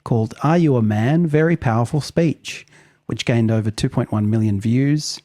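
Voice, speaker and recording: A man with a dark, mellow voice talks through the facts at an easy conversational pace. He co-hosts a chat podcast, casual and unhurried. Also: medium pitch, dry recording. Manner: reads facts aloud in a relaxed, conversational way. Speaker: podcast co-host.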